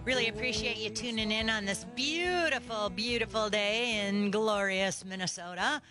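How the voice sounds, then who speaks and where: A woman's voice: medium pitch, moderate pace, sharp tone, faint music behind. A woman hosting a talk radio show from a studio microphone, delivering an opinionated monologue full of indignant rhetorical questions.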